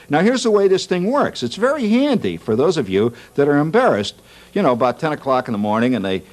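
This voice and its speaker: A man's voice: medium pitch, very animated, a little fast. A man hosting a TV talk show, doing a jokey, wry comic monologue and laughing at his own jokes.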